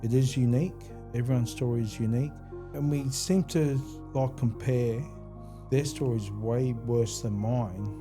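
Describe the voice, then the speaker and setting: A man's voice: mid-range voice, fairly even intonation, a little slow, over music. A man hosting a podcast interview, speaking in a reflective and affirming way. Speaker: podcast host. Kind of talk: interview conversation.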